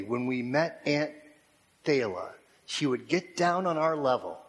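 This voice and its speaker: A man preaching a sermon as a pastor, talking in a slow, measured and reflective way and posing repeated questions to his listeners. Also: mid-range voice. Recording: long reverb of a large hall.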